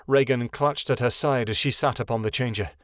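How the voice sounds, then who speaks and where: A man reading a fantasy audiobook aloud, measured and expressive, with a voice of middling pitch. The recording is dry and close, with no room echo. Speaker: audiobook narrator. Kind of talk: scripted narration.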